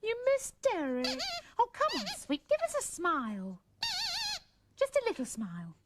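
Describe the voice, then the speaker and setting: A woman's voice: high-pitched, huge pitch swings, normal speed. A woman presenting a children's show, cheerfully coaxing puppets and telling corny jokes. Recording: loud tape hiss from old VHS.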